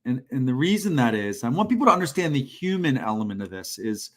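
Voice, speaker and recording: A man's voice: medium pitch, sing-song, fast, fairly bright tone. A man co-hosting a job-search livestream, talking casually and bluntly, saying plainly what he thinks people need to hear. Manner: blunt, direct, self-described band-aid ripper.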